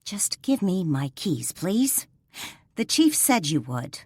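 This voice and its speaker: A woman's voice: lowish voice, sing-song, slow pace, a little mellow, slightly rough, no room sound, heavily acted. A woman voicing a defiant young heroine. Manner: insistent, clipped, irritated.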